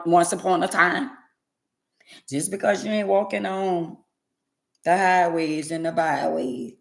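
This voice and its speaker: A woman's voice: lowish voice, creaky. Blunt, sassy woman ranting to viewers. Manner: blunt, sassy, preachy, swings loud and quiet. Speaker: livestream host. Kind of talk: casual livestream rant to viewers.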